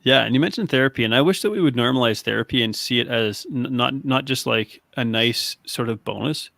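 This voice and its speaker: A man's voice: medium pitch, fairly quick, creaky, bright, forceful tone, dry recording, clean studio sound. A man hosting a podcast, speaking thoughtfully, with many restarts and affirmations. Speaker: podcast host. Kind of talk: reflective interview chat.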